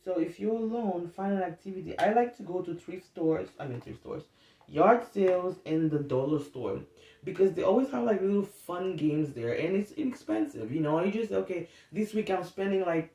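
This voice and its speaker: A woman's voice: fairly low pitch, animated, moderate pace, mellow. A woman talking candidly in an unscripted self-help vlog, rambling and swearing freely. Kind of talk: unscripted casual monologue. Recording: roomy, distant mic, faint noise.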